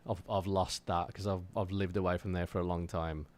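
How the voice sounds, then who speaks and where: A man's voice: low-pitched, flat delivery, fairly quick, a little mellow, no echo. A man from Wolverhampton with a faint West Midlands accent, chatting casually with viewers on a livestream from his home drum room in a jokey, self-deprecating way. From Wolverhampton, England. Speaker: drummer streaming his practice.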